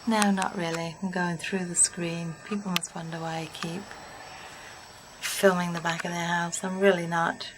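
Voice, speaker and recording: A woman's voice: lowish voice, flat delivery, moderate pace, noisy background. A tired British woman chatting casually in a home video diary, rambling and talking to her dogs. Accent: British English. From Britain. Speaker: vlogger. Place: home indoors.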